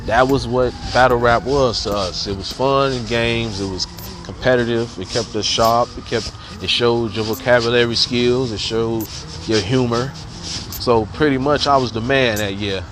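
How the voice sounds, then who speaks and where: A man's voice: on the low side, fairly bright tone, a little hiss or hum. Laid-back man telling stories. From Chicago. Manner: laid-back, profane, joking. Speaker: podcast host. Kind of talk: casual storytelling.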